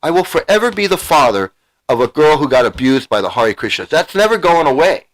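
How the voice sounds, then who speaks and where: A middle-aged man hosting his own stream, talking heatedly and emotionally. He repeats himself as he vents and swears freely. His voice sits at an ordinary middle pitch. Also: big pitch swings, fairly quick, poor audio. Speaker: channel host. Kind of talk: angry livestream rant.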